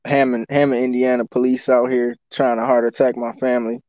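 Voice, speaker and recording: Man, caller, flat pitch, mellow tone, loud and excited. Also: fairly quick, dry recording.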